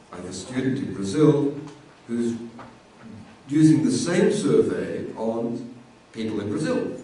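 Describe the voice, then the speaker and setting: A man's voice: mid-range voice, dark tone, distant mic, a little hiss or hum. Man lecturing in an echoey room. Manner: conversational, repeats words while thinking. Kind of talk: university lecture.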